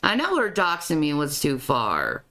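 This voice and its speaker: A woman's voice: low-pitched, huge pitch swings, a little slow, bright, forceful tone. A woman commenting on a video clip, often stammering and repeating her words. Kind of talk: reaction commentary.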